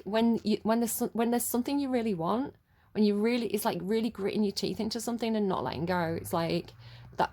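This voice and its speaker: A woman with a standard southern English accent talks through a tarot reading. She rambles, restarts her sentences and fills the gaps with "um" and "like". Her pitch sits in the middle of the usual range for a woman. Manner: rambling, many fillers and restarts, laughs at herself. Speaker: tarot reader. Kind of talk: casual spoken tarot reading.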